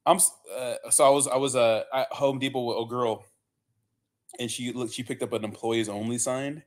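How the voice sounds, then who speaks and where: Young male streamer, rambling, cussing, relaxed chat to viewers. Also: medium pitch, a little fast. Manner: loose, profane, rambling with many fillers and "bro". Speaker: livestream host. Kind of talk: casual livestream chat reading viewer comments.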